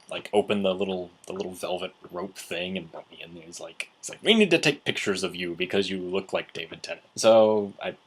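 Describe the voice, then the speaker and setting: Low husky-voiced man telling stories. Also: a bit bright. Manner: rambling, with many restarts and acted quotes. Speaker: vlogger recapping a convention. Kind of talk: casual storytelling.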